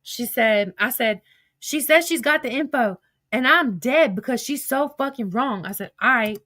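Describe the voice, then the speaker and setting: Lady with a high voice reading her old texts out loud, swears a lot, dry close sound. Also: lively intonation, moderate pace, no room sound. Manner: blunt and profane, with wry asides. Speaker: commentator recounting drama. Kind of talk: casual storytelling, reading texts aloud.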